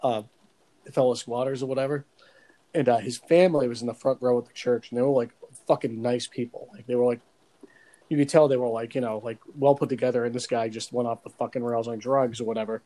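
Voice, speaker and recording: This fast-talking man in his 40s has a medium-pitched voice and a habit of swearing freely and laughing at his own jokes. He tells animated stories in casual podcast chat, recorded at low quality.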